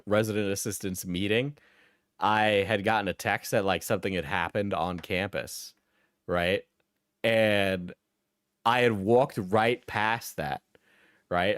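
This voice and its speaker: A man's voice: lowish voice, clean tone, no room sound, studio quality. A man in his twenties, a live streamer, chatting casually and telling rambling stories with lots of slang and swearing.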